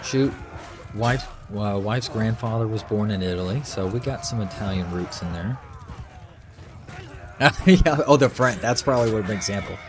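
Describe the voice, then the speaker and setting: An American man streams a game and chats with his live viewers, rambling in an easygoing way with plenty of fillers. His voice sits on the low side at normal speed, over steady background noise.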